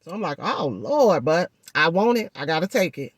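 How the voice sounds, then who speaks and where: A woman vlogger telling a story in a chatty, animated way, speaking through a swollen jaw and addressing viewers directly. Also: sits low, normal speed, breathy edge, no room sound. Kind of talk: casual storytelling vlog.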